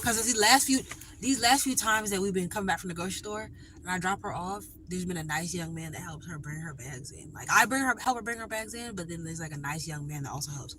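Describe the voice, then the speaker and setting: A woman's voice: on the low side, fast, sharp tone, a little hiss or hum, poor audio. A woman hosting a casual livestream from a car, chatty and upbeat, a little out of breath with a congested nose. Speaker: livestream host.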